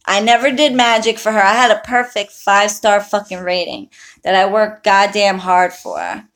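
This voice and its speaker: A woman's voice: mid-range voice, animated, normal speed, a bit bright. A woman who practises witchcraft, talking casually and heatedly to her viewers on a livestream, full of swearing and blunt talk. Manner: chats with viewers. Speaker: online witch and spell practitioner.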